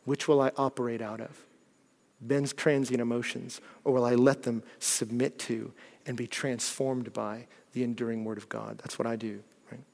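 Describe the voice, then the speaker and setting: A man preaching a sermon, animated and shifting from loud bursts to hushed, earnest passages. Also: medium pitch, moderate pace, vocal fry. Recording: long hall reverb.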